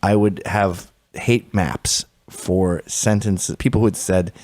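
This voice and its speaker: A man hosting a podcast, telling a comic story in a sardonic, exasperated, animated way. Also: sits low, slow pace, no echo. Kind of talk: comedic storytelling, casual chat.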